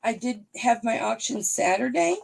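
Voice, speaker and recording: A woman hosting a live online jewelry auction, chatting playfully with her viewers and thinking out loud. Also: a little high, lively intonation, moderate pace, gravelly, slightly rough, no echo. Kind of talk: casual live-stream auction patter.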